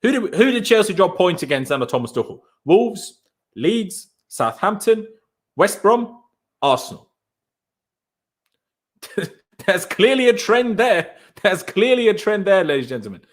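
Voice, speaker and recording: Ranting young man, high lively voice. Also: moderate pace, pauses often. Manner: exasperated, ranting, repeats himself, banters with chat. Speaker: fan channel host reacting to chat. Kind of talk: post-match live stream reaction.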